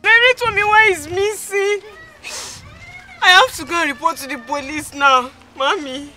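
A woman's voice: very high voice, normal speed, pushed and bright, faint music behind. A frantic Nigerian mother. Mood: anguished. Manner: pleading, anguished, tearful. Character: frantic young mother searching for her missing child. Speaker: mother in a film. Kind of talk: gospel film acting.

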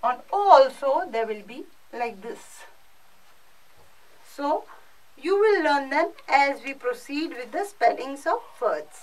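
Indian english lady teacher, high voice, slow patient explaining, mic kinda far off. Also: expressive. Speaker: French teacher. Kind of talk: recorded classroom lesson.

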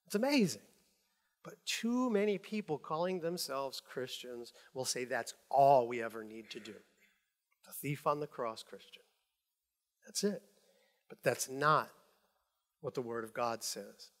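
A man preaching a sermon as pastor, telling stories in an animated way and acting out the people he quotes. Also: fairly high pitch, normal speed.

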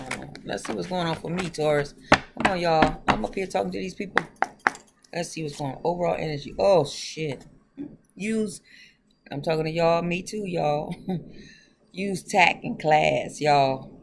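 A woman hosts a casual tarot reading, rambling from one thought to the next and addressing her viewers directly. Her voice sits low with a gravelly fry. The recording carries a clear bed of background noise. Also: a little slow, long pauses. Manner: rambling, chatty, talks straight to viewers; laughs often. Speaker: tarot reader.

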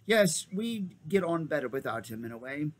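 A man's voice: very animated, moderate pace, a little hiss or hum. A man doing a genial, fussy old magician. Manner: high lilting old-man voice. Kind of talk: storybook read-aloud.

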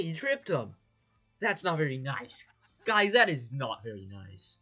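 A YouTube host reacting to animations in an excitable way, gasping often and repeating words when alarmed. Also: mid-range voice, measured pace, breathy edge, soft background music.

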